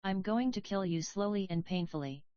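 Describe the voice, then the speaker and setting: A woman's voice: medium pitch, normal speed, no room sound, lightly acted. A woman reading a hissing villain butler. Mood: venomous. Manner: hissing, venomous. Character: cruel scheming male butler villain. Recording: dry, slightly dull audio.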